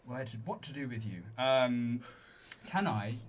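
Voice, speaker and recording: A man playing a tabletop game, hesitant and chuckling, with frequent pauses. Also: medium pitch, expressive, a little hiss or hum. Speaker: player.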